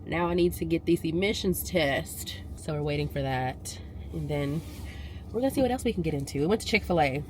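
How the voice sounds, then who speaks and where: A woman vlogging as a busy mother, telling stories in a casual, animated and exasperated way. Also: deep voice, brisk, a little hiss or hum. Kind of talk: casual vlog chat.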